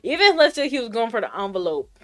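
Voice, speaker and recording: A woman streamer from the United States with Puerto Rican roots, telling a story to her chat in a casual, animated rant and acting out both sides of the exchange. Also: a little high, very fast. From United States, of Puerto Rican Caribbean roots. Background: faint lo-fi music.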